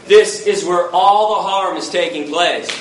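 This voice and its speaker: A man's voice: sits high, unhurried, slight background noise. A man from the United States giving a passionate public lecture, blunt, fiery and confrontational, heard from far off in an echoey hall.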